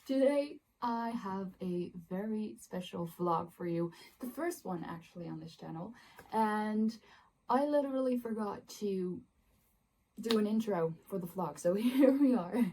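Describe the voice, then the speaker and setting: A woman's voice: medium pitch, animated, measured pace, warm tone, a little hiss or hum. A young woman vlogging about books, chatting casually to her phone camera in her bedroom with frequent giggles and fillers. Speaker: book vlogger. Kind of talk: casual vlog talk to camera.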